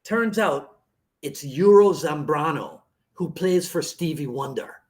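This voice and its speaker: A man's voice: a little high, lively intonation, slow pace. A man hosting a podcast, easygoing and telling stories in casual chat. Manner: easygoing, storytelling. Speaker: podcast host.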